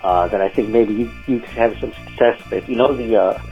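A man with a fairly low voice leaves a halting, filler-heavy voicemail. The audio is muffled, and faint music plays behind him. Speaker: caller leaving voicemail.

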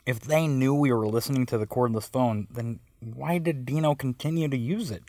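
A man's voice: medium pitch, darkish tone, no room sound. A man narrating a first-person story in a dry, wry way, voicing the quoted lines himself.

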